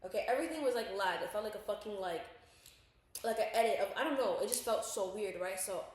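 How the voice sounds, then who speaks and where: Young woman, podcast co-host, casual storytelling, swears a lot, acts out quotes, middle pitch, very echoey room. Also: lively intonation, fast.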